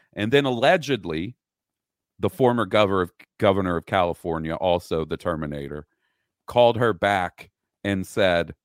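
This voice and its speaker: A man's voice: sits low, dry recording, studio quality. A man co-hosting a casual podcast, telling a story in a laid-back way with asides. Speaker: podcast co-host.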